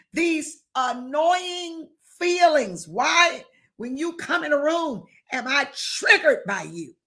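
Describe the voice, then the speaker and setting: A woman's voice: sits high, sharp tone. A woman bishop preaching a fervent sermon, firing rhetorical questions and calling out to listeners, sometimes dropping to a whisper.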